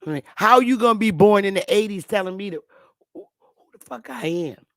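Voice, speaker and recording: A woman's voice: medium pitch, animated, fairly quick, no echo, studio quality. A woman hosting a live stream, ranting with emphatic, profane talk and repeating the same rhetorical questions. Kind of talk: heated live-stream rant.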